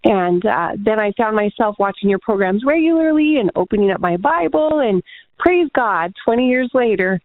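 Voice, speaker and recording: A woman's voice: mid-range voice, animated, normal speed, dry recording. A woman calling in to a Bible radio program, sharing her story and asking a question in an earnest, chatty way. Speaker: caller. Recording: phone line.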